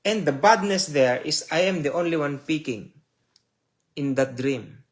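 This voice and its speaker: A man preaching a sermon slowly and emotionally, reading scripture loudly and then dropping to soft asides. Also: a little high, expressive. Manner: slow, emotional preaching with swells and drops in loudness. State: tearful.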